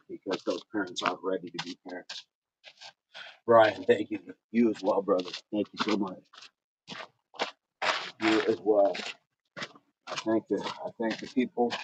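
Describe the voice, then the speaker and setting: Man, very low voice, upbeat, encouraging fitness livestream host, noisy audio. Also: fairly even intonation, a little slow, pauses often. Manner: upbeat, encouraging, greets viewers by name; walking in place while talking. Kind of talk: casual livestream chat while exercising.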